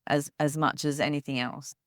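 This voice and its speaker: Woman, podcast host, low voice, earnest and agreeable, dry close mic. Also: steady tone, normal speed, no echo. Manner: earnest, agreeing, asks follow-up questions. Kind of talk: interview conversation.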